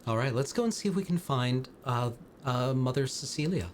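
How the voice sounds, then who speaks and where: A man's voice: medium pitch, lively intonation, normal speed, background noise. A man streaming a story game, chatting casually in a wry, rambling way and slipping into quoted asides. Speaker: streamer playing a narrative game. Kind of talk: casual gameplay chat.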